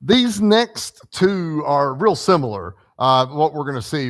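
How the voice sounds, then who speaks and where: A man's voice: on the high side, expressive, unhurried. A preacher leading a conversational Bible class in a church classroom, quizzing the group and peppering his points with "right?" and "okay?".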